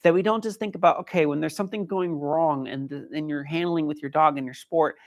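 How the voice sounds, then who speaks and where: Gravelly earnest dog trainer man. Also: fairly high pitch, steady tone, fairly quick. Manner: earnest, encouraging. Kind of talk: casual livestream talk. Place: indoor dog training facility.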